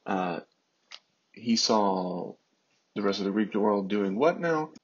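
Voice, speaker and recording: A man teaching ancient Greek in an unhurried way, often pausing with fillers. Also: on the low side, animated, muffled recording. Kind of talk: slow explanatory lesson.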